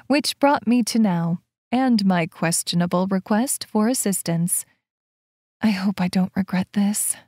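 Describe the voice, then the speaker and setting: A woman reading a romance novel aloud as narrator, voicing its characters with lifts in pitch. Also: measured pace, a little mellow, dry recording, clean studio sound. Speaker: audiobook narrator. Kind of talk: scripted narration.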